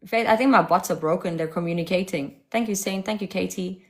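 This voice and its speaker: A woman's voice: fairly low pitch, brisk. A woman from South Africa with a South African accent, hosting a live stream, talking to callers in a sassy, taunting way. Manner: sassy, taunting, switching voices. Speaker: livestream host.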